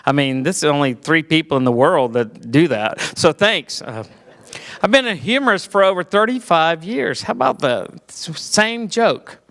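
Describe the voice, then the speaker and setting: A man's voice: a little high, animated, normal speed, fairly bright tone. A middle-aged man with a Southern US accent, from Georgia, telling clean stand-up stories in a folksy, self-deprecating way with fillers. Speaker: comedian. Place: church hall. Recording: echoey hall.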